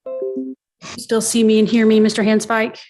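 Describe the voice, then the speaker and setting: A woman attorney questioning a witness in court, methodical and brisk, steering the answers with short questions. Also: fairly high pitch, little pitch movement, a little mellow, faint music behind.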